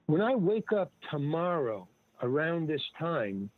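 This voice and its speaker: An older man, an interview guest, telling stories in a rambling, casual way, full of restarts and lively retold dialogue. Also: a little high, unhurried, dry recording. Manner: rambling, with many restarts and animated retelling of dialogue. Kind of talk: casual storytelling. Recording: dry, tinny phone-like line.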